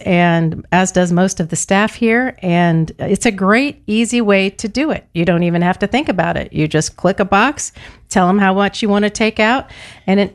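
A woman who is a public radio membership manager, chatting casually and upbeat during an on-air fundraiser. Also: medium pitch.

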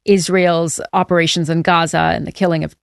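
A woman political correspondent giving measured, explanatory news analysis with occasional fillers. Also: fairly low pitch, flat delivery, gravelly, no room sound, studio quality.

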